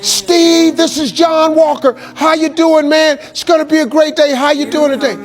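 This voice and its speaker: A man voicing a relentlessly upbeat male friend who phones every morning with the same bright greeting. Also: very high voice, level tone, moderate pace, pitched above the performer's own voice. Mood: cheery, upbeat. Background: background music.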